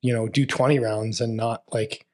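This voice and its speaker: A man's voice: mid-range voice, moderate pace. Laid-back man, filler-heavy chat. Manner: relaxed, filler-heavy, many "you know" and "like". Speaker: podcast co-host. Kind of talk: casual conversation.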